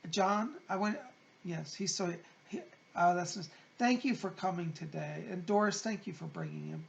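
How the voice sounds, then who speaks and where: Gravelly-voiced male psychic host. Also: high voice, normal speed, dull audio. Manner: gentle, consoling, chatty, calls listeners "hon". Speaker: psychic medium. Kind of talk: reading viewer letters and relaying spirit messages.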